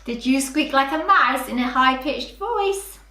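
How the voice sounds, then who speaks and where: Female early years teacher, preschool phonics, very expressive and slow-paced, echoey room. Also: high voice. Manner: slow, sing-song and animated, talking to small children.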